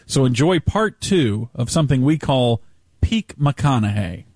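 A man hosting a podcast and introducing the episode. He speaks in a relaxed way with the odd chuckle, recorded dry and close with no room sound. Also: medium pitch, a little slow, no echo. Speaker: podcast host. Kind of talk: show introduction.

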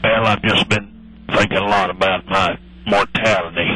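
A man's voice: sits low, fairly even intonation, normal speed, pushed and bright, faint music behind, poor audio. A man doing a comic impression of an aging, boastful football team owner who rambles through folksy one-liners on a radio show. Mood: mock-mournful. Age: older. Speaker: guest.

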